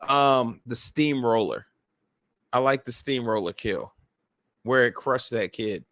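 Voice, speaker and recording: A man co-hosts a podcast in relaxed, profane chat and gets enthusiastic as he talks. His voice sits at a middle pitch with a dry close-mic sound. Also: takes it slowly, no echo. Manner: laid-back, swears freely, enthusiastic. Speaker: podcast co-host. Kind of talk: casual chat.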